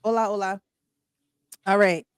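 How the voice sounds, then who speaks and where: A woman's voice: medium pitch, fairly even intonation, unhurried, smooth, no echo, studio quality. A woman hosting a casual video-call talk show, upbeat and handing questions to each guest. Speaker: host. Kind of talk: casual chat.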